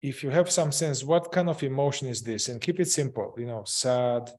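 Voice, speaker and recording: A man's voice: medium pitch, expressive, fairly quick, mellow. Hesitant man guiding a group. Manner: hesitant, many fillers and restarts. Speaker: group facilitator. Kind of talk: guiding a group in therapeutic inquiry.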